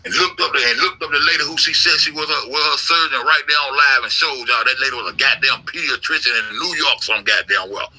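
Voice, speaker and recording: Man, rambling profane storyteller, husky, sharp bright tone. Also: medium pitch, fairly quick, few pauses, low-quality recording. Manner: rambling, heavy swearing, repeats himself. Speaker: livestreamer recounting an online investigation.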